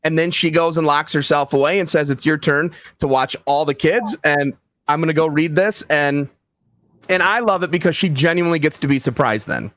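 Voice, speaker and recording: A man's voice: on the high side, a little fast, dry recording. A man, an author and guest, telling stories in casual interview chat and acting out the voices of people he quotes. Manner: animated storyteller, acts out quoted voices. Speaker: author and book site founder, guest.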